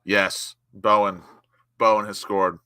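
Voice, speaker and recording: A young man from the United States hosting a live football watchalong, chatting casually and bursting into excited shouts when his team attacks. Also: fairly low pitch, slow, clean tone, no echo, clean studio sound. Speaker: watchalong host. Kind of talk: live match watchalong commentary.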